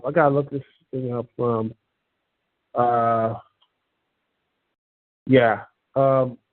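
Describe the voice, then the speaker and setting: A man hosting an online talk show, chatting casually and reading an article aloud with many halting fillers and stumbles. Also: a little high. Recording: tinny phone-line sound.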